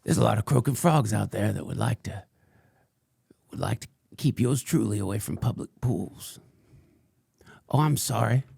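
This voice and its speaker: A man's voice: fairly low pitch, brisk, gravelly, hardly any pauses, darkish tone, breathy edge, no room sound, heavily acted. A man voicing an unhinged male conspiracy crank who rambles through a crude, mock-solemn tirade in a comedic character monologue. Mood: ranting.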